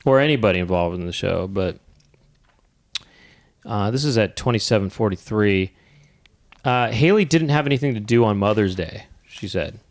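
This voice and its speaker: A male comedian guest on a podcast talking in a deadpan, rambling, mock-serious way. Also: fairly low pitch, normal speed, pauses often. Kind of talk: casual podcast chat.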